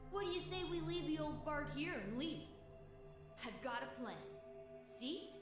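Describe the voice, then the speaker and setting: A young boy's voice, very high and slow-spoken, performed by a woman for a video game. He sounds indignant and whiny, with game music behind him. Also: animated. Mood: scheming. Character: young boy, pleading then furious. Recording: game audio with music; echoey playback.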